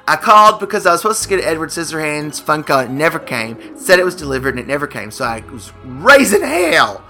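A man's voice: on the high side, big pitch swings, brisk, pushed and bright, soft background music. A man co-hosting a podcast in casual chat, telling long rambling stories and swearing casually. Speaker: podcast co-host.

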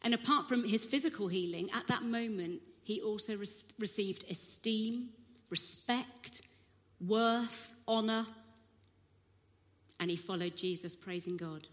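A woman's voice: mid-range voice, unhurried. Woman preaching in a reverberant hall. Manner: expressive storytelling, acting out the crowd's shouts. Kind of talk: sermon.

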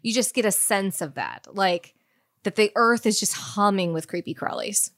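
A woman's voice: medium pitch, normal speed, a bit bright, no echo, studio quality. Woman running a tabletop game. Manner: casual, laughing, filler-heavy. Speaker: game master.

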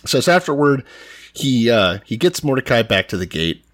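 A man's voice: mid-range voice, big pitch swings, moderate pace, fairly bright tone, no room sound. A man retelling a scripture story in casual, profane, joking chat, laughing often.

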